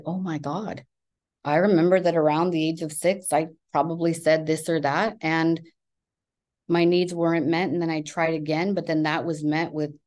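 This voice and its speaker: A woman's voice: low voice, a little mellow. A woman therapist in her thirties or forties giving candid, emphatic advice in casual conversation, swearing freely. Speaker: therapist, podcast guest.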